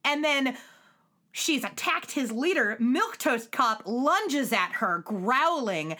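A woman's voice: sits high, slow. A woman podcast co-host, recapping a show in casual chat and acting out characters' lines. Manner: animated, acts out character lines in put-on voices.

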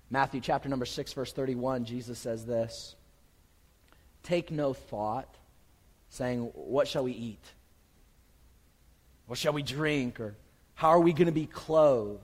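A man preaching a sermon as pastor, swinging from urgent, raised emphasis to quiet, soft reassurance. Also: mid-range voice, a little slow, pauses often, breathy edge, in a large hall, low-quality recording.

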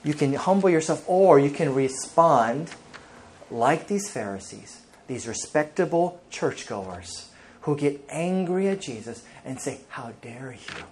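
A man's voice: on the high side, lively intonation, measured pace, darkish tone, slight background noise. A male pastor preaching an emphatic sermon, reading scripture aloud and speaking directly to the congregation.

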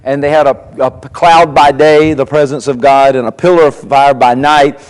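Long hall reverb surrounds a male pastor preaching in a church sanctuary, where he tells folksy jokes and acts out their voices. His voice is mid-range with a steady tone at normal speed.

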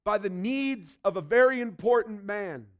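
A man preaching a sermon emphatically, swinging between loud and soft and acting out quotes from the story. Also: high voice, expressive, moderate pace. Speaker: pastor.

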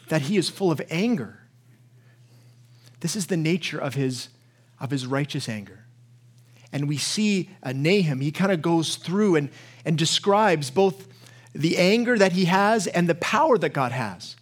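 A man's voice: on the high side, slightly rough. A male pastor preaching a sermon, telling stories with rising passion and often repeating words as he builds. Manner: impassioned storytelling, repeats words when worked up.

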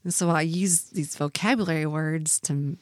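A woman's voice: deep voice, normal speed, no echo, clean studio sound. A woman co-hosting a podcast in casual chat, chatty and self-deprecating. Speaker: podcast co-host.

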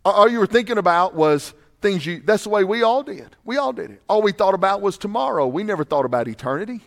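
A man's voice: sits high, lively intonation, fast. A man preaching a sermon, fervent and repetitive, a little out of breath. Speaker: pastor. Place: church sanctuary. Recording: long hall reverb.

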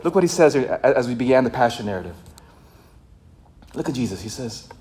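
Husky priest preaching with fiery swings. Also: male voice, mid-range voice, big pitch swings, brisk. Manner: passionate preaching, swinging from shouting to hushed. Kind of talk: sermon.

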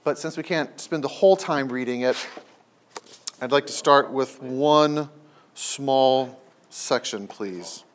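A man's voice: medium pitch, slow pace, a little hiss or hum. A man teaching a small faith group in a meeting room, talking casually and hesitantly, with restarts.

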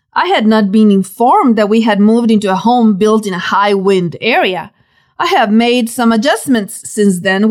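A woman reading her own devotional book aloud, telling stories with dramatic, preacherly emphasis. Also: medium pitch.

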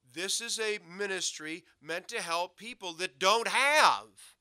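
Guy preaching, goes loud then drops real low, bright voice, dry close mic. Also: slow, smooth, no room sound. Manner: swings from loud emphatic to low quiet asides. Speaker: pastor. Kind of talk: sermon.

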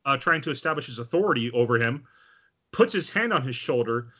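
Bright-voiced man recapping an anime. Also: mid-range voice, brisk, slightly rough. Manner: animated storytelling with many fillers. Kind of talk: casual chat recapping an anime.

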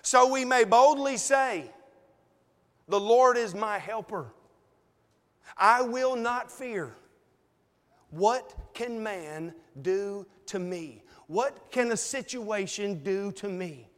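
A man preaches slowly and deliberately, his voice sitting high and sounding smooth and clear. His delivery is folksy and conversational, broken by dramatic pauses, and his words ring with a long reverb through the hall. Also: a bit bright. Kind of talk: sermon. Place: church sanctuary.

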